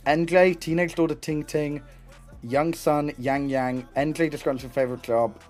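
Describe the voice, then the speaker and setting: A young man chatting casually on a live stream, excitable and rambling, swearing often and restarting his sentences. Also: fairly high pitch, moderate pace, soft background music.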